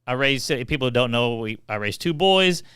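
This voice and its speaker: A middle-aged man, a podcast co-host telling funny family stories in a chatty, animated way. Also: mid-range voice, normal speed, smooth, no room sound, clean studio sound. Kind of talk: casual storytelling.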